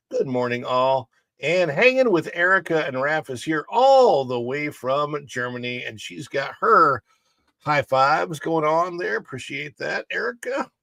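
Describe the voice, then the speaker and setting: A man's voice: on the high side, creaky, pushed and bright, dry recording. A chatty man with a St. hosting a livestream, greeting viewers by name and laughing at his own jokes. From St. Louis, Missouri. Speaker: livestream host. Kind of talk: casual chat.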